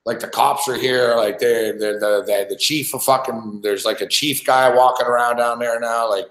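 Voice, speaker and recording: A man hosting a sports betting stream tells a long story in a loose, profane, rambling way, stumbling over his words and starting sentences again. His voice sits at a middle pitch. The room around him gives it a noticeable echo. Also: steady tone, moderate pace, fairly bright tone. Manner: profane, rambling, many restarts. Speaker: sports betting show host. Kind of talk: casual storytelling. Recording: roomy echo.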